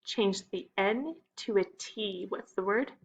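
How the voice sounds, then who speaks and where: A woman's voice: medium pitch, takes it slowly, creaky, slightly rough, lo-fi sound. A woman teaching young children a phonics lesson, patient and stretching out the key words.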